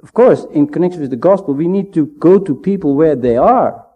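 Male preacher, slightly high voice, deliberate emphatic Bible teaching, muffled lo-fi sound. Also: lively intonation. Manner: measured, emphatic, with pauses. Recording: dull lo-fi sound.

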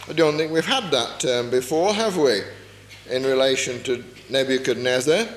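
Preaching a sermon in an echoey hall with long reverb, a man earnestly explains a Bible passage and often poses rhetorical questions. His voice sits on the high side, expressive and fairly bright, at a normal speed.

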